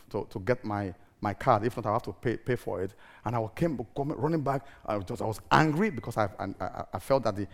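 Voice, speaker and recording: A man's voice: medium pitch, gravelly, fairly bright tone. A middle-aged man preaching a sermon who tells a comic story, acts out his own anger and laughs as he goes. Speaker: pastor.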